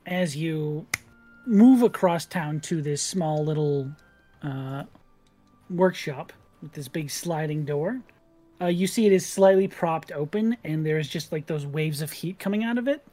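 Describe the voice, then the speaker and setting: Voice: mid-range voice, a little slow, dark tone, faint music behind. A game master narrating a tabletop game in a casual, descriptive way with frequent fillers.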